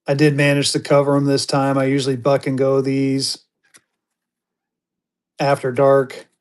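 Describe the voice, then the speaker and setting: A man's voice: mid-range voice, completely flat delivery, unhurried, clean tone. A man hosting a casual live-stream auction from a room at home, rambling and joking as he sells and repeats himself.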